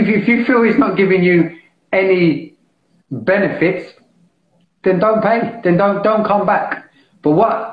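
A British man hosting a live meditation session, talking casually and enthusiastically as he pitches a membership, with frequent restarts. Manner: enthusiastic, salesy, restarts often. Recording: echoey, dull lo-fi sound.

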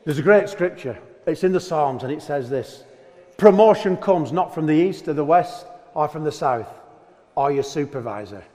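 Animated pastor preaching, pitched high, reverb of a church hall. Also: male voice, moderate pace. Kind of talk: sermon.

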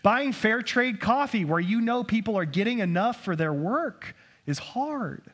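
A man's voice: high-pitched, lively intonation, unhurried, fairly bright tone. A man preaching a sermon in a conversational way, asking rhetorical questions and joking at his own expense. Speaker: pastor.

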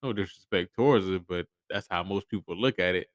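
A man's voice: sits low, fairly quick, dry recording. A man hosting a podcast with blunt, profane commentary, frequent stammered restarts. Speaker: podcast host. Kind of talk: casual solo commentary.

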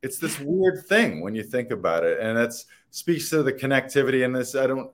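A man's voice: medium pitch, animated, normal speed. A man, an actor, talking in a rambling, earnest and playful way in a casual interview, laughing and swearing now and then. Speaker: actor guest.

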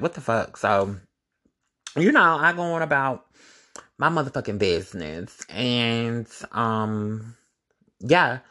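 Animated, cussing young man telling a story. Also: on the low side. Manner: animated, profane, gossipy storytelling. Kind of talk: casual storytime vlog.

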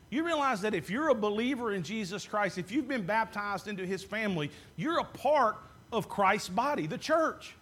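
A man's voice: high-pitched, a bit bright. A man preaching a sermon as pastor, posing questions to the congregation and answering them himself.

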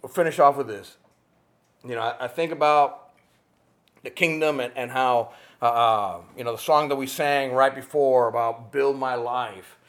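A man preaching a sermon with passion, rising to near shouts and dropping to quiet, earnest tones. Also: medium pitch, moderate pace. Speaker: pastor.

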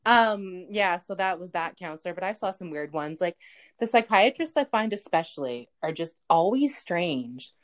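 A woman's voice: lowish voice, lively intonation, normal speed. A young woman co-hosting a podcast in casual chat, laughing often and filling her talk with "like". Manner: chatty, laughs often, heavy use of "like". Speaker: podcast co-host.

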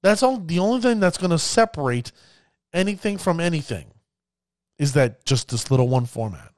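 A man giving casual commentary on card games, addressing his viewers as ladies and gentlemen and acting out players' reactions. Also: fairly high pitch, lively intonation, moderate pace, no echo, clean studio sound. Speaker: card game content creator.

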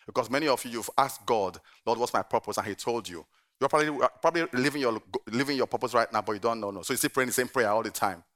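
A middle-aged man, a pastor, preaching a sermon with animated storytelling and frequent laughter. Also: lowish voice, very fast.

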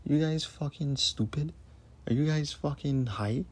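Angry husky man. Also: on the high side, a little slow. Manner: angry, repetitive, cursing. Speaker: podcast host. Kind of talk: profane ranting monologue.

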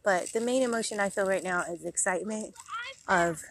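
A woman's voice: medium pitch, a little fast, slight background noise. Rambling woman chatting outdoors. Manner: rambling, with many fillers. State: a little out of breath. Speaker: podcast host. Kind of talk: casual chat. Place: outdoors at a park.

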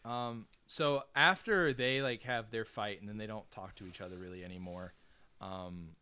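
Male podcast co-host, bright and clear voice, rambling casual recap. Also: on the low side, normal speed. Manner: rambling retelling with many fillers. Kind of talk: casual movie recap chat.

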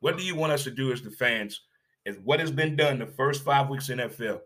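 A sports commentator with a medium-pitched voice rants fairly quickly, animated and opinionated. He's emphatic and repetitive, firing off rhetorical questions and swearing bluntly and casually.

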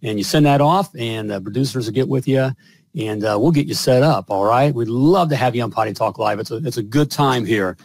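A man's voice: medium pitch, fairly quick, gravelly, no echo. A man hosting a plumbing podcast in an upbeat, casual way, calling his guest brother. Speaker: podcast host. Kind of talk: casual interview chat.

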